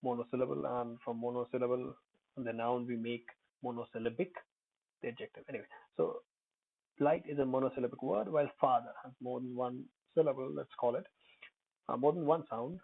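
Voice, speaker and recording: A man's voice: mid-range voice, fairly even intonation, brisk, vocal fry. A man teaching English pronunciation in an unscripted lesson, hesitant, with many fillers and self-corrections. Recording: tinny phone-like audio.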